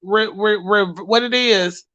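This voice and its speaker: Woman gossip vlogger, AAVE, bright punchy voice, dry close recording, profane and sassy. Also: mid-range voice, slow pace, no echo, dull audio. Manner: sassy, profane, animated storytelling. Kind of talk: casual commentary to viewers.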